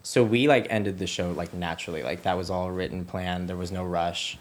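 A man's voice: deep voice, fairly even intonation, a little fast. A young man, a former child actor, talking casually as a podcast guest, chatty and full of fillers. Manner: chatty, lots of fillers, laughs easily. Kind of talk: casual interview chat.

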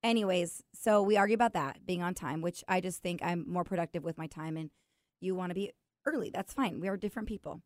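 A woman's voice: fairly low pitch, quick pace, no echo, studio quality. A woman hosting a podcast in casual chat, telling stories and teasing her husband. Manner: chatty, teasing, storytelling. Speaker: podcast host.

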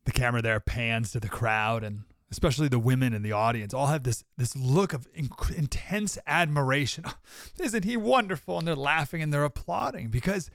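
A man's voice: medium pitch, moderate pace, fairly bright tone, dry recording, clean studio sound. A man hosting a podcast, giving an emphatic, sarcastic commentary monologue and mocking his opponents in put-on quotes. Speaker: podcast host.

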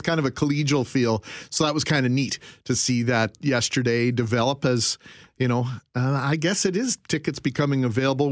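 Easygoing radio co-host, dry studio. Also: male voice, mid-range voice, no echo. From Winnipeg, Canada. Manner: easygoing, chatty, laughs often. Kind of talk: casual on-air chat. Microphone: studio microphone.

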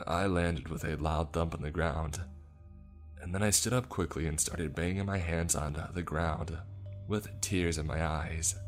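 Very deep-voiced male storyteller. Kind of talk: first-person story narration.

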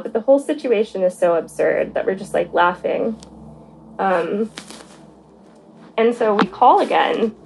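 Chatty young woman telling a story. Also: mid-range voice. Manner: chatty, many fillers and "like". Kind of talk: casual storytelling. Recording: faint background noise.

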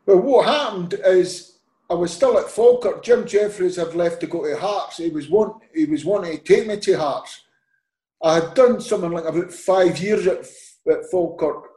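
Scottish ex-footballer guest, animated storyteller, a bit high-pitched, echoey room. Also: male voice, moderate pace. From Scotland. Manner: animated storyteller, acts out quoted dialogue, laughs often. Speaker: podcast guest, former footballer. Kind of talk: casual anecdote telling.

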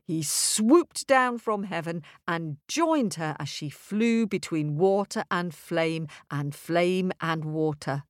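A woman storyteller telling a folk tale in an expressive, rhythmic way. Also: fairly low pitch, slow, hardly any pauses, no room sound, studio quality. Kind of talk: storytelling for children.

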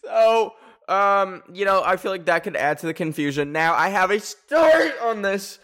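A man's voice: high voice, expressive, moderate pace, a bit bright. A young man hosting a solo podcast, with a whiny, nasal voice, rambling through a story full of fillers and swearing. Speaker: podcast host.

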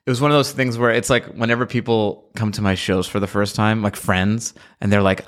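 A man's voice: on the low side, brisk, few pauses. Profane, ranting male podcast host. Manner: profane, animated ranting with voiced impressions. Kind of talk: casual chat.

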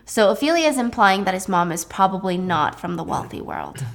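A young woman retelling a drama plot in a chatty, casual way. She narrates with lively energy, filling in who is who as she goes. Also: mid-range voice, brisk, creaky, hardly any pauses. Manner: chatty, animated. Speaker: drama recapper. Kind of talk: casual storytelling recap.

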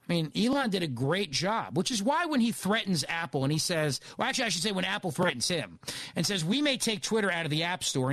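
Animated, sarcastic male talk radio host. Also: high voice, no echo. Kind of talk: opinionated talk radio monologue.

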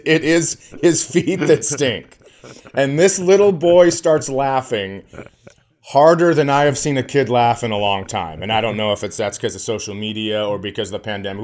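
A man in his forties, a podcast co-host telling a comedic story in casual chat, acting out the people in it. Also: medium pitch. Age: 40s. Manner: animated storyteller, acts out voices.

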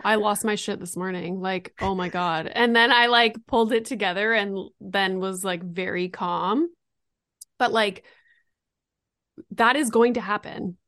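A woman's voice: mid-range voice, measured pace, fairly bright tone, no echo, clean studio sound. Chatty woman podcast host. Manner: chatty, says "like" often. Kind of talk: casual chat.

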